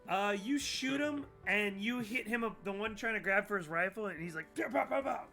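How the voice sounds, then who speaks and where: A young man running a tabletop game as game master, animated, voicing characters and making sound effects. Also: high-pitched, normal speed, faint music behind.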